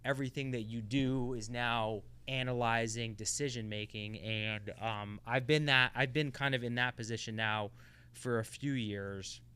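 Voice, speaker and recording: A man's voice: mid-range voice, steady tone, normal speed, sharp tone, clear, resonant tone. A man co-hosting a casual podcast, reflecting and explaining ideas at length. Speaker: podcast co-host. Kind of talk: casual conversation.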